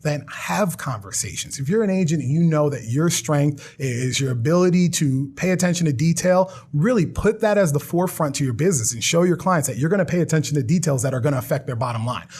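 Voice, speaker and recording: A man speaking as a guest on a casual podcast interview, energetic and self-deprecating, talking in quick bursts at a studio mic. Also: a little high, slightly rough. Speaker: podcast guest, marketing advisor. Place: studio around a table.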